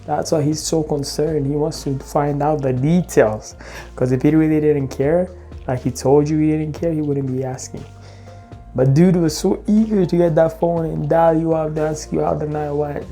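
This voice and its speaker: A man's voice: a little high, steady tone, moderate pace, dark tone, soft background music. A man commenting casually and giving emphatic dating advice as a co-host. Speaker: podcast co-host.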